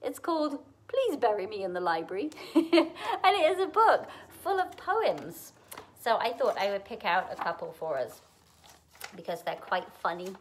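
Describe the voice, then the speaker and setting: A woman librarian leading a preschool story time in a library, gentle and encouraging, asking the children questions. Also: a little high.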